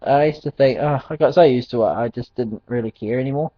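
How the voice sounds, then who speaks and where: A man's voice: mid-range voice, quick pace, no echo. A man telling a personal faith testimony in a rambling, hesitant way, full of ums and restarts and frequent chuckles. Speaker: Christian testimony speaker. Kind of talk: casual spoken testimony. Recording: dull dry lo-fi recording.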